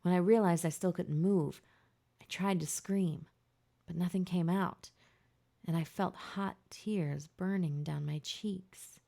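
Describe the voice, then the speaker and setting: A woman narrating a first-person audiobook in a hushed, tense, emotional way. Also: on the low side, fairly even intonation, slow, creaky.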